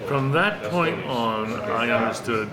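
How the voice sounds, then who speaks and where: A man's voice: mid-range voice, animated, slow pace. Blunt, opinionated man in a noisy restaurant. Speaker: dinner guest in conversation. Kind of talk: casual dinner conversation. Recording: noisy restaurant crowd behind.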